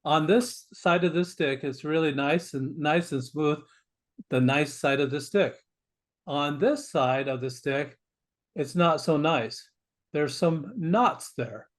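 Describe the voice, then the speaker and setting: A man's voice: fairly high pitch, takes it slowly. A man speaking as a guest on an interview podcast, earnest and emphatic, often repeating words as he starts a thought. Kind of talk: conversational interview.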